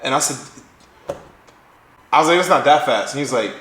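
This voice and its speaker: A young man hosting a podcast, telling a story in a profane, animated way and acting out the quotes. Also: medium pitch, normal speed. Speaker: podcast host. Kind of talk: casual storytelling chat. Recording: echoey room.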